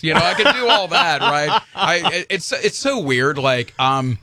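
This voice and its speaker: A man's voice: on the high side, very animated, unhurried, sharp tone. A man hosting a casual radio show, rambling and self-deprecating, stumbling over his words. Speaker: radio host. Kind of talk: casual morning radio banter.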